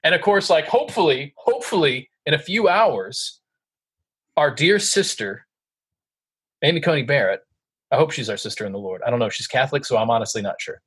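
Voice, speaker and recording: A man's voice: medium pitch, expressive, fairly quick, fairly bright tone, husky. A man co-hosting a podcast in casual chat, upbeat and enthusiastic. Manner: upbeat, enthusiastic, laughs often. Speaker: podcast co-host.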